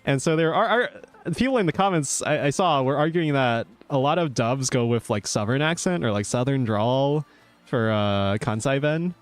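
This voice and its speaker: A man's voice: mid-range voice, expressive, normal speed, soft background music. A male VTuber chatting casually while streaming a game, rambling with lots of fillers and easy laughs. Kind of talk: casual gaming stream chat.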